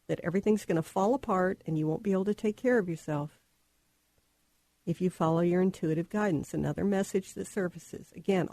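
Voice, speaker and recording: A woman co-hosting a talk radio show, calmly guiding listeners through an exercise. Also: fairly low pitch, no room sound. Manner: calm, guiding. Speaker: radio co-host and energy coach.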